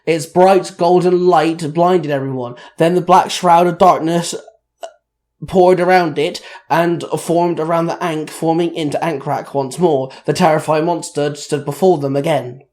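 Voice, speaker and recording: Man, storyteller, amateur action narration, steady reading, slightly high pitch. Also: unhurried.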